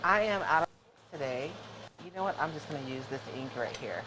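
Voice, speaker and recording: A man's voice: fairly high pitch, expressive, fairly quick, bright, forceful tone, a little hiss or hum, low-quality recording. A man demonstrating crafts on a livestream, thinking aloud in a scattered, self-deprecating way. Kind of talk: casual craft demo chat.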